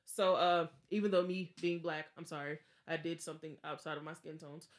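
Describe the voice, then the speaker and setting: A woman's voice: deep voice, a little fast, heavy background noise. A young woman hosting a podcast, casually telling a ghost story and acting out the other people's lines. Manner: animated, acts out quotes with laughs. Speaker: podcast host.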